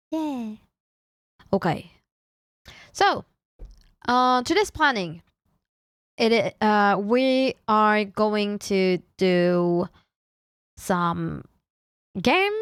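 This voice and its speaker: A woman's voice: mid-range voice, smooth, dry recording, clean studio sound. A young woman, streaming in casual chat, playfully teasing her viewers and often restarting her sentences. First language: French. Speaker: VTuber streamer.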